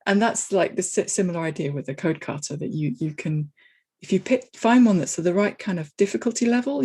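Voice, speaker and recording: A woman with a slightly low, husky voice talks through her ideas in a relaxed interview. She restarts her sentences and circles back as she thinks aloud, sounding like a thoughtful coach. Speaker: guest, technical agile coach. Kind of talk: casual interview conversation.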